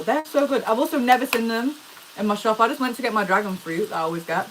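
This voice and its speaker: A woman's voice: a little high, fast, a little hiss or hum. A young woman chatting casually on a live stream while she cooks, slangy and answering viewer comments as she goes. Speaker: livestreamer. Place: home kitchen, indoors.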